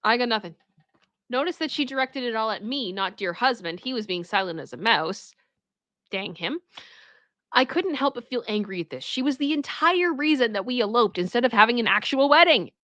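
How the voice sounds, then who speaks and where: A woman streamer reading a story aloud for the first time and breaking in with animated, exclaiming reactions. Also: a little high, moderate pace, dry recording. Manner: animated, exclaiming reactions between read passages.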